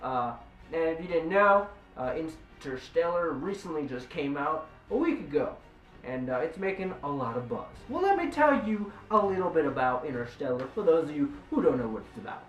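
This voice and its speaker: Rambling, excitable woman reviewing a film. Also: low-pitched, normal speed. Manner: excitable, rambling, frequent fillers and restarts. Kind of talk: casual film review vlog. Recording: echoey room, distant from mic, faint music.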